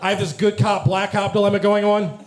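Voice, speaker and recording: A man's voice: high-pitched, little pitch movement, a little fast. A young man in his twenties doing stand-up in a comedy club, with a dry, proper-sounding delivery. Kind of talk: stand-up set. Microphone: handheld stage mic. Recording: live club with roomy echo and crowd laughter. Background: audience laughing.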